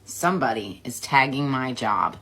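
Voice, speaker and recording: A woman's voice: a bass voice, lively intonation, moderate pace, a bit bright, slightly rough, pitched below the performer's own voice, full character voice. A woman putting on the voice of a smug, defensive woman who got caught posting a cruel video.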